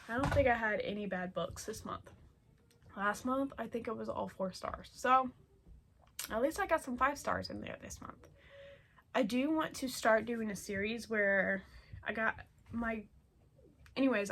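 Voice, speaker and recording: A woman's voice: fairly high pitch, fairly bright tone, slight background noise. A young woman chatting at home about the books she read this month, gushing and rambling with lots of fillers and repeated words. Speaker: book vlogger. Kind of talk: casual monthly reading wrap-up.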